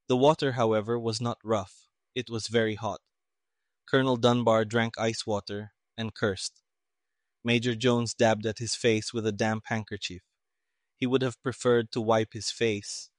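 A man's voice: lowish voice, no room sound, studio quality. Man narrating a detective audiobook. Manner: steady, even reading.

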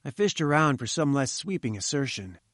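A man narrating a story in a measured, wry storytelling manner. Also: mid-range voice, big pitch swings, a bit bright, no room sound, clean studio sound. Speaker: audiobook narrator.

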